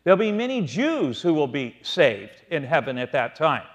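A man's voice: fairly high pitch, sing-song, moderate pace. A man leading a verse-by-verse Bible study, asking his listeners questions and answering them himself. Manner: asks the audience questions and answers them, stretching key words. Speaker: Bible teacher.

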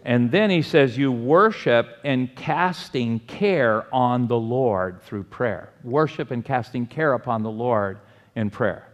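A male pastor preaching in a church sanctuary, his voice ringing with a long hall reverb. His pitch sits mid-range for a man. He leads the congregation in call-and-repeat phrases and swings between loud exclamations and quiet asides. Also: expressive, takes it slowly. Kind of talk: sermon.

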